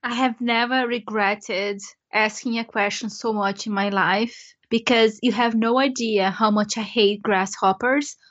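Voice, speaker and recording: Woman, Portuguese native speaker, podcast co-host, animated, fairly high voice, dull lo-fi recording. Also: measured pace, few pauses. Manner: animated, swears freely, squeals in dread. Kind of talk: casual chat. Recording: dull lo-fi audio.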